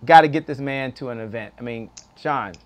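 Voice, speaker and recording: A man hosting a talk show, energetic and emphatic, often repeating his words. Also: medium pitch, a little fast. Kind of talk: upbeat interview hosting.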